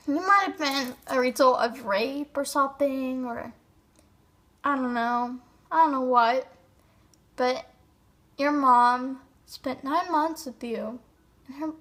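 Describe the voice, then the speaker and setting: A woman's voice: high voice, fairly bright tone. A young woman, a mother of two, making an earnest, pleading appeal straight to her viewers. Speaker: video creator giving encouragement. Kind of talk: emotional direct-to-camera appeal.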